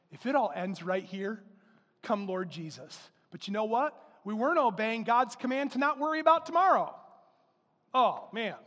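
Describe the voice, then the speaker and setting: A male pastor preaching a sermon, emphatic, rising to loud exclamations. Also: high-pitched, in a large hall. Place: church.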